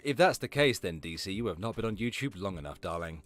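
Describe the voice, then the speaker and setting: A man from West London with a flattened London accent, hosting a live stream and reacting to clips in a sarcastic, sweary way. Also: lowish voice, fast. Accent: London English, flattened. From West London, England. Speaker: streamer host. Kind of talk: casual live-stream commentary.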